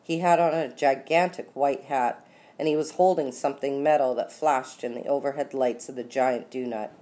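A woman narrating an audiobook story with expressive, lively delivery and slowed dramatic beats. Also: rumbling low. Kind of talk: scripted narration.

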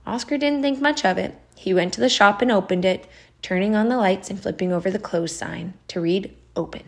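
A woman narrating a storybook aloud in a measured, expressive way. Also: mid-range voice, creaky.

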